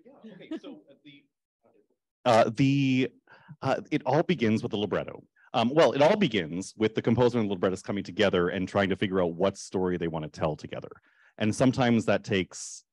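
A man with a lowish voice speaks at a public panel about his writing. He halts often and starts sentences over, filling gaps with ums. The sound is close and dry, with no room around it. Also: darkish tone, no echo. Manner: halting, many fillers and restarts. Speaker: librettist. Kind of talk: panel discussion.

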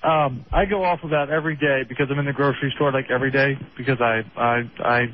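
A man's voice: medium pitch, fairly even intonation, fast. A man calling in to a radio show, ranting in a rambling, irritated way. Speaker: caller. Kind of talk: phone-in rant. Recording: muffled radio phone line.

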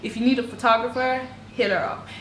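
A woman's voice: fairly high pitch, fairly even intonation, fast, fairly bright tone, a little hiss or hum. A woman makeup vlogger chatting casually and upbeat to camera, dropping frequent "like" fillers. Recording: echoey room.

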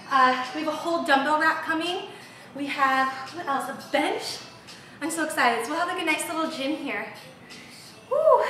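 On a large, empty home gym floor, a young female fitness instructor coaches a live workout, upbeat and cheering through the reps while out of breath. Her high-pitched voice sounds pushed and bright over a little hiss or hum. The recording is echoey, the mic far off.

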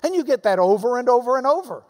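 A man's voice: very high voice, quick pace, long reverb tail. Emphatic man teaching a Bible class. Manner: emphatic, animated, swings between loud and soft. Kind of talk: lecture answering questions.

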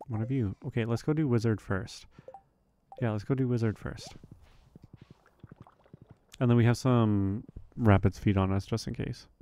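A let's play host with a fairly low, dark voice casually comments on a farming game while playing. He thinks aloud, with frequent ums and questions to himself.

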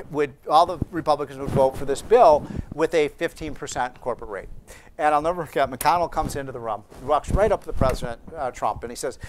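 A man's voice: on the high side, background noise. A man giving a storytelling speech to students at a seminar, chatty and anecdotal, with frequent restarts and asides. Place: seminar room with a live audience.

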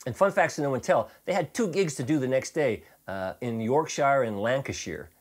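A man teaching a rock guitar lesson in a relaxed, chatty way, with fillers and restarts, playing along on guitar. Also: mid-range voice, moderate pace.

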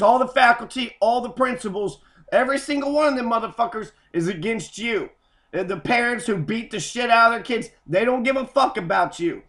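A man's voice: high-pitched, a bit bright. A man in an angry, profane rant, cursing and repeating himself. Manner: heated, cursing, repetitive. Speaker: host.

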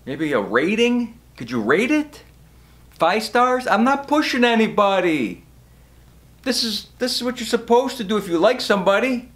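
A man's voice: high voice, very animated, normal speed, fairly bright tone. A man vlogging straight to camera about his podcast, emotional and imploring, raising his voice now and then. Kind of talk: casual direct-to-camera vlog. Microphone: camera facing him.

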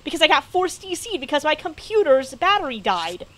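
A woman's voice: sits high, big pitch swings, a little fast, a bit bright. A woman streamer giving casual gameplay commentary, chatty and grumbling, talking to the game's characters. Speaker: gaming streamer.

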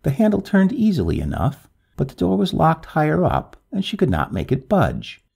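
Gravelly, expressive male storyteller. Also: fairly high pitch, moderate pace. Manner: expressive, swooping delivery. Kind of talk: dramatic storybook narration.

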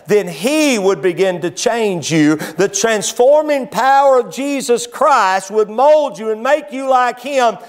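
High-voiced man preaching with fervor. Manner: impassioned preaching that swells loud and high, then drops low and quiet. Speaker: pastor. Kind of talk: sermon. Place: church service.

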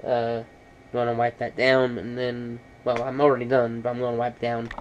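A man's voice: mid-range voice, completely flat delivery, moderate pace, dull audio, a little hiss or hum. A man casually talking through a laptop repair in a how-to vlog, rambling and matter-of-fact. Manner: rambling, many fillers and restarts. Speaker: computer repair vlogger.

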